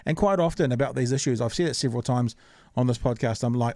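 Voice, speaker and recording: A man's voice: medium pitch, animated, quick pace, darkish tone, dry recording, studio quality. A man hosting a podcast in casual chat, earnest and reasoning things through with fillers and repeats. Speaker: podcast host.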